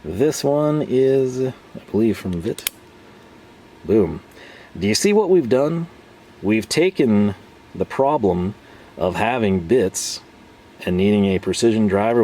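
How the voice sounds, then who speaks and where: A man talks through a casual tool review in a loose, rambling way, laughing often. His voice sits low, with a gravelly fry and a mellow, relaxed tone. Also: a little slow, slight background noise. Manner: chatty and rambling, with frequent laughs.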